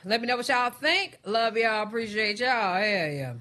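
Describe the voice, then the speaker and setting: A woman's voice: on the high side, moderate pace, few pauses, pushed and bright. A woman hosting a reaction stream, giving blunt, profane, casual commentary to her viewers.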